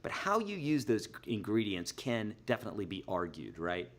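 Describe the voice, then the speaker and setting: A man's voice: lowish voice, very animated, moderate pace. Chatty middle-aged male guitar teacher. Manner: chatty, explains with everyday examples, counts beats aloud. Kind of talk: live online guitar lesson. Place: Nashville.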